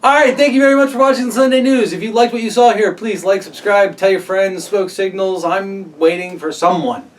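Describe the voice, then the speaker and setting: A man's voice: high voice, a little fast, few pauses, far from the mic. A man co-hosting a casual gaming news chat, joking and mocking himself. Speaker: co-host.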